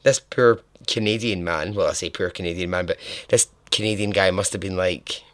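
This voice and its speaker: In a low voice and at a moderate pace, a male podcast host recounts a true-crime story in a chatty, casual manner, laughing and cursing now and then. There's no echo on the recording.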